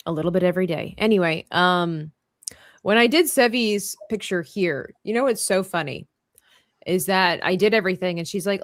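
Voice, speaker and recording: A woman's voice: lowish voice, moderate pace, no room sound, clean studio sound. A woman hosting a casual live drawing stream, chatting and laughing as she works. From Canada. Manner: chatty, laughs often, animated delivery. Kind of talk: casual chat while drawing.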